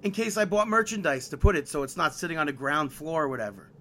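Animated man venting about a venue. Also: a little high, fast, a little hiss or hum. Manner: animated, exasperated retelling with quoted dialogue. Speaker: podcast co-host. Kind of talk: casual chat, storytelling.

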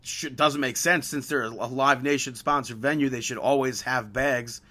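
A man's voice: medium pitch, moderate pace. A man telling a story on a podcast, acting out each exchange as he gets more and more exasperated. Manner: animated, exasperated retelling with quoted dialogue. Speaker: podcast co-host. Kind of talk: casual chat, storytelling.

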